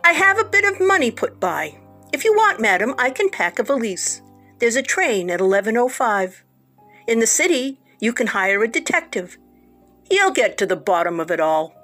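A woman's voice: a little high, big pitch swings, normal speed, fairly bright tone, faint music behind. Grim older maid with a lilt, voiced by a woman narrator. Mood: earnest. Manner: blunt, matter-of-fact. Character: older Scottish housemaid, blunt and grim.

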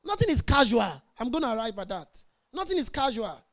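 A woman's voice: on the high side, sing-song, a little fast. A middle-aged woman preaching a sermon, emphatic and calling out to her congregation. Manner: emphatic, call-and-response with congregation.

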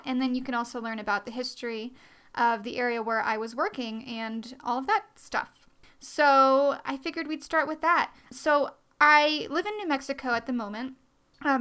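A woman's voice: a little high, pushed and bright, clear, resonant tone. A young woman hosting her own podcast, talking in a chatty, rambling, self-deprecating way. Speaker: podcast host. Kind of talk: casual podcast monologue.

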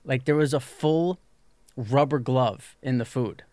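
A man's voice: mid-range voice, measured pace, no room sound. A man telling a long story in casual podcast chat, full of "like" and acting out what people said. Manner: animated storyteller, lots of "like", acts out quoted people.

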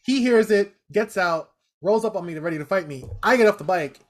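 A man tells stories in loose, profane chat, his voice a touch higher than most men's. He gets animated, laughing and pushing his pitch up as the story builds. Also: fairly quick.

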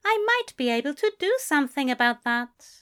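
A woman's voice: sits high, very animated, normal speed, a bit bright, voice pushed up. Aziraphale, a woman doing a prim fussy angel. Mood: fond, prim. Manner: prim, affectionate, lightly teasing. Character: genteel, fussy male angel, fond and prim. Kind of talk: audiobook reading.

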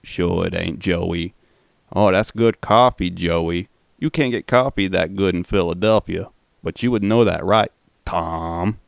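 Casting: a man playing a sly, menacing gangster, deep and gravelly, smooth delivery. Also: unhurried, dry recording, clean studio sound. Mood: taunting. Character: menacing scarred mobster man, taunting and sly.

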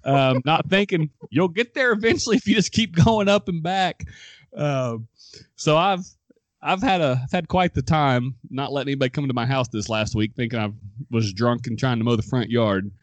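A young man hosting a casual chat show, telling a story with lively quoted voices and frequent laughs. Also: medium pitch, normal speed, dry recording. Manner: animated storyteller, acts out quotes, laughs often. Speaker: podcast host.

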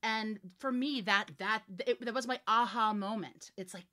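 A woman in her forties, a voiceover artist and director, chatting in an interview with lively, emphatic energy and frequent laughs. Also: mid-range voice, moderate pace, gravelly, few pauses. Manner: animated, laughing, emphatic storytelling. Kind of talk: casual interview chat.

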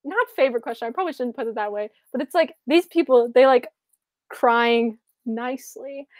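A woman's voice: on the high side, normal speed, darkish tone, dry recording. A woman in a casual podcast chat who laughs often and acts out little scenes. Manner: giggly, acts out bits in funny voices. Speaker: podcast co-host.

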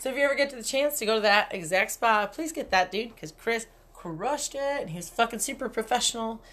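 A woman's voice: fairly high pitch, expressive, brisk, a bit bright. A young adult woman hosting a casual solo podcast, telling stories candidly with lots of swearing and frequent laughter. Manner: candid, profane, laughs often. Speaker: podcast host. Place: cabin.

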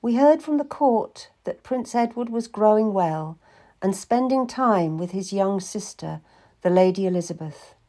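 A woman narrating a historical novel in the first person, measured and expressive. Her pitch rises and falls widely, and she reads at an unhurried, deliberate pace. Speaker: audiobook narrator.

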